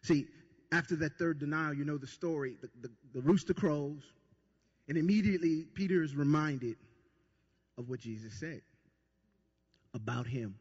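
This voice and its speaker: Husky high-voiced preacher in a reverberant hall. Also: male voice, moderate pace, long pauses, darkish tone. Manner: repetitive emphatic preaching, stammered restarts. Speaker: pastor. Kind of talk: sermon. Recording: long reverb, dull lo-fi sound.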